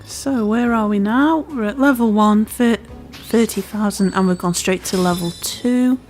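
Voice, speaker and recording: A woman's voice: mid-range voice, measured pace, darkish tone, soft background music. A woman with a part Scouse, part Welsh accent, casually commentating a game she is playing, chatty and self-deprecating. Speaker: gaming channel host. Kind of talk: casual let's-play commentary.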